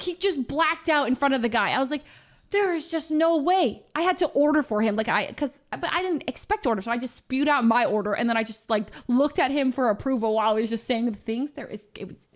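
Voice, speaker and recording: A woman streamer chatting casually as she reacts to her own vlog, rambling through a story with lots of fillers and restarts. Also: fairly high pitch.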